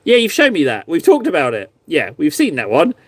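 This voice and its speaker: A man's voice: a little high, huge pitch swings, fairly quick, no echo. A man chatting casually on a live stream, reviewing viewers' painted miniatures in a rambling, self-mocking, playful way.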